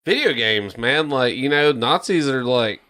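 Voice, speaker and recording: Profane, animated man chatting on a podcast. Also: mid-range voice, a little slow, clean tone. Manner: profane, emphatic, laughs often. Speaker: podcast co-host. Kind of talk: casual chat.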